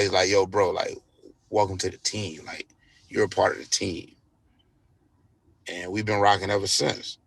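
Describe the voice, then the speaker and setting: A man's voice: lowish voice, gravelly, fairly bright tone, dry recording. A man, a DJ, telling a story casually in an interview, laid-back and profane, acting out what others said. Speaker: DJ guest.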